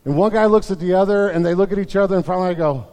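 A man's voice: high voice, rapid-fire, a little mellow, clear, resonant tone, in a large hall. A male pastor preaching a sermon in a church, telling stories with jokes and frequent restarts. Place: church sanctuary.

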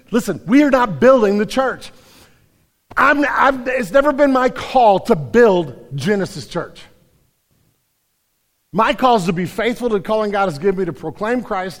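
A male pastor preaching a sermon, emphatic, swinging between loud declarations and quiet stretches. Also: sits high, long reverb tail. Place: church sanctuary.

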